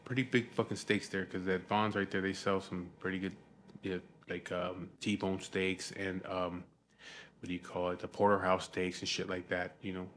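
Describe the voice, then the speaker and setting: A man's voice: low voice, flat delivery, normal speed, a bit bright, slight background noise. A middle-aged man, telling a profane, rambling story to camera in a casual vlog. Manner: profane, rambling, frequent "you know what I mean". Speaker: vlogger.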